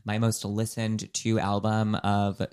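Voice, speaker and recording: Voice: mid-range voice, monotone, takes it slowly, darkish tone, clear, resonant tone. An American podcast co-host in casual chat, blunt and joking, swearing casually. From United States.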